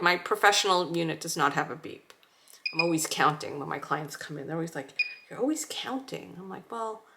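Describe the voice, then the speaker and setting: A woman calmly demonstrating a skincare routine, giving slow, reassuring step-by-step cues. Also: fairly low pitch. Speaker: skincare instructor. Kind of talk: demonstration tutorial.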